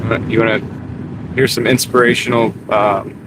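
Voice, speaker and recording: A man's voice: on the low side, flat delivery, moderate pace. A man chatting casually on a live stream while driving for deliveries, rambling and easygoing. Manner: rambling, easygoing, many fillers. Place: inside a car while driving. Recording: car noise in background.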